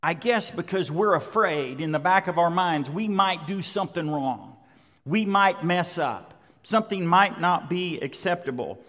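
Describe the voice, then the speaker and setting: A man's voice: fairly high pitch, lively intonation, a little slow, fairly bright tone. A middle-aged man preaching a sermon, conversational yet emphatic, driving points home with repetition. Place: large church sanctuary. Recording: long hall reverb.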